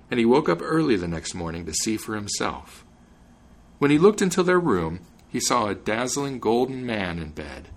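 A man hosting a podcast, narrating a fairy tale in an expressive reading voice. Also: on the low side. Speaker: podcast host and reader. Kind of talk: storybook narration.

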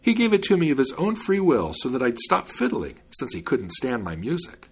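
A brash young servant with a mischievous, mocking way of talking, as a male storyteller plays him. His voice is lively and a little husky. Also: medium pitch, normal speed, exaggerated voice.

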